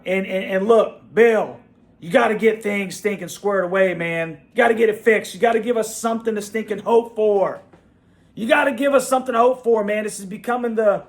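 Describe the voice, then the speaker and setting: Fired-up fan venting. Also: male voice, high voice. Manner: fired-up venting, repeats himself, "bro" and "man". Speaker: fan channel host. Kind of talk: ranting fan reaction vlog.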